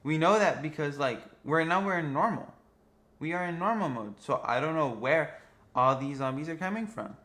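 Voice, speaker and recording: A young man casually narrating gameplay footage, rambling and excitable, swearing freely. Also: on the high side, moderate pace. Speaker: gaming vlogger.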